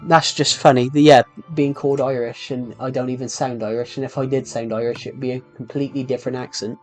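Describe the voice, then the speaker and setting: A man's voice: medium pitch, level tone, quick pace, a little mellow, faint music behind. A young man with a sore throat, chatting in a rambling way while live-streaming a video game. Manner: rambling, chatty, with frequent restarts and fillers. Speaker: gaming streamer. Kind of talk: casual live-stream chat while playing.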